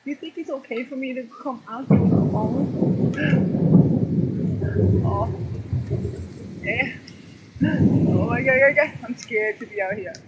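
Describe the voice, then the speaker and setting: A woman's voice: on the high side, measured pace, long pauses, dull audio. A woman filming a thunderstorm from an outdoor balcony on her phone, gasping and exclaiming, shrieking when strikes land close. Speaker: person filming a storm. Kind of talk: excited live commentary. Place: eighth-floor balcony outdoors in a storm. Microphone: phone held in hands. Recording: loud rain noise on a phone mic.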